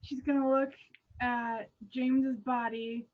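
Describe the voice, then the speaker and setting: Slow, high-voiced woman, muffled mic. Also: little pitch movement. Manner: hesitant, thinking aloud. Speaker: player. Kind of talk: playing a tabletop game.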